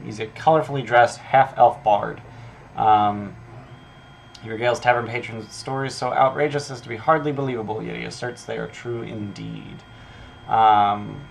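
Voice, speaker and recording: A man's voice: on the low side, gravelly, slight background noise. A man preparing a tabletop game session, reading his notes aloud in a casual, profane way, with lots of ums. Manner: filler-heavy, profane, thinking aloud. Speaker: game master prepping an adventure.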